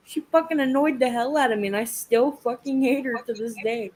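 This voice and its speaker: A woman's voice: fairly high pitch, normal speed, rough recording. A young woman telling a story in casual chat, swearing freely and laughing often. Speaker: live chat host.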